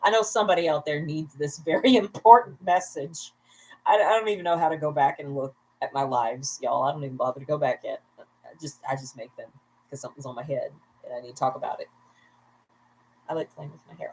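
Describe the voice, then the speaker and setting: A woman with a low, husky voice hosts a casual livestream from home at bedtime. She is a little tipsy, rambles freely, laughs often and keeps turning aside to chat with her viewers. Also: brisk, rough recording. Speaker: vlogger, livestream host.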